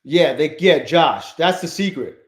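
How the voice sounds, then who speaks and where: A man's voice: on the high side, expressive, unhurried. Profane, restless man streaming trades. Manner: profane, restless, talks to chat. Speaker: trading livestream host. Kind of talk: casual live-stream chat.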